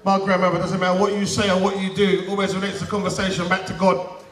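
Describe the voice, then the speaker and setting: A stand-up comedian with a London accent, bantering loudly with a live awards-show crowd and laughing between lines, recorded from far off in an echoey hall. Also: male voice, high-pitched, monotone, fast. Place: large event hall.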